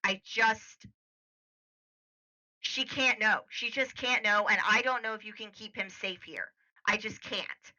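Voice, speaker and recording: A woman's voice: medium pitch, unhurried, long pauses, dull audio. A woman voicing a young man in a tabletop game, the patient's brother, who curses in frustration. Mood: despairing. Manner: shouting, cursing, exasperated.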